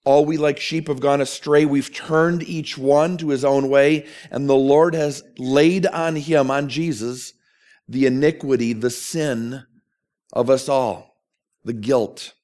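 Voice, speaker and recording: A man's voice: mid-range voice, steady tone, slow pace, darkish tone. A man preaching a sermon as a pastor, earnest and emphatic, asking questions of his listeners.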